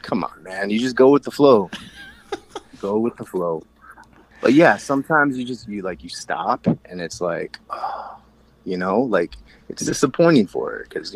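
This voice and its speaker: A man co-hosting a casual podcast chat, talking frankly and rambling with frequent laughs. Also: lowish voice. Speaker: podcast co-host.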